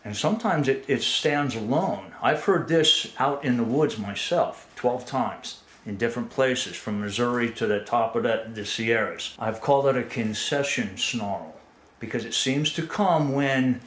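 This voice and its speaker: A man at a mid-range pitch gives an explanatory lecture, earnest and analytical. He often restarts phrases and pauses to ask "right?". The sound carries a noticeable roomy echo. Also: a bit bright. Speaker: presenter.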